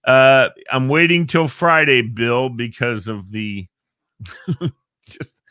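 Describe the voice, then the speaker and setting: A man's voice: mid-range voice, steady tone, slow, pushed and bright, smooth, no room sound, clean studio sound. A middle-aged man hosting a live online show, chatting casually, joking and reading out viewers' names. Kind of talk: casual live-stream chat.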